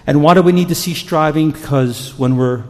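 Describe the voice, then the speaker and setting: A man with a fairly high voice preaches a sermon at a moderate pace, telling the story earnestly and acting out panicked voices. The recording carries the long reverb of a hall.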